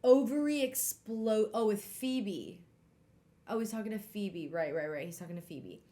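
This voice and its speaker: A woman hosting a casual live-stream book club, talking in an animated way with exclamations and trailing fillers. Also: fairly low pitch, moderate pace.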